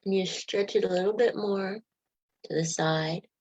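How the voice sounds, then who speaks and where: A woman leading a guided meditation, coaching listeners gently through affirmations, yawns and stretches. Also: medium pitch, fairly even intonation, unhurried, breathy edge, no room sound, rough recording. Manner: leads yawning and stretching exercises.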